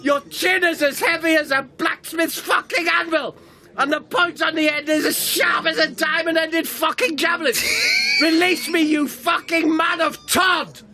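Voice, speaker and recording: A man's voice: very high voice, big pitch swings, normal speed, vocal fry, sharp tone, slight background noise, heavily acted. A man voicing a panicked, foul-mouthed middle-aged potter in an improvised comedy role-play, melodramatic and swearing. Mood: shrieking in pain.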